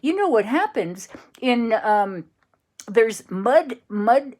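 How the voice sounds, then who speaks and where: A woman voicing a big, timid male T-Rex who frets in a high, squealing voice. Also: sing-song, takes it slowly, darkish tone, full character voice. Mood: anxious. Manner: squealing, fretful.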